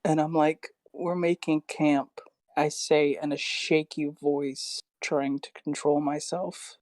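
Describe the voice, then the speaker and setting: A woman with a low voice plays her character at a tabletop game. She speaks slowly and hesitantly, with fillers. The sound is dry and close. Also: little pitch movement, darkish tone, no room sound. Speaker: player. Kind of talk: tabletop game role-play.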